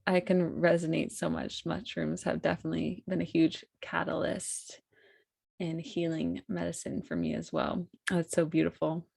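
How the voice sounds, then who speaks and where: A woman hosting a podcast, speaking in a soft, affirming and reflective way. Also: on the low side, little pitch movement, moderate pace, creaky, slightly rough, no echo, studio quality. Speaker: podcast host. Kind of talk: casual podcast conversation.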